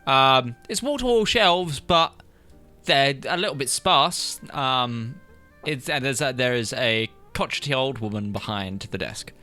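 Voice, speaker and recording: A male game master describes the scene slowly, stopping for fillers as he goes. His voice is bright and clear, and his pitch moves a lot. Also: lively intonation, soft background music. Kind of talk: tabletop game narration.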